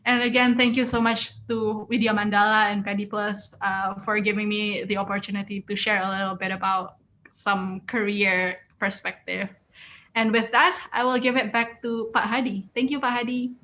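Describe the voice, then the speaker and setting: A woman's voice: mid-range voice, flat delivery, normal speed, bright, forceful tone, slight background noise. A woman giving an encouraging webinar talk as guest speaker, reading out and answering audience responses. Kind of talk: webinar presentation.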